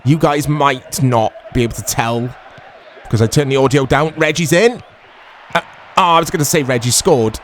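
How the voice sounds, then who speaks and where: A man talks his viewers through a football video game in a loose, chatty way. He jumps up in volume when a chance comes close. A faint hiss sits under his mid-pitched voice. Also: normal speed, some chatter behind. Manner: excitable, shouts at big chances, chatty asides. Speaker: gaming commentator. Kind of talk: casual let's-play commentary.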